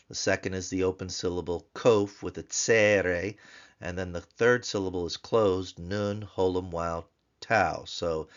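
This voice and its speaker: Low-voiced male tutor, patient drill-style delivery, muffled lo-fi recording. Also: clean tone. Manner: slow, drawn-out repetition of words for drilling. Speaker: Hebrew grammar teacher.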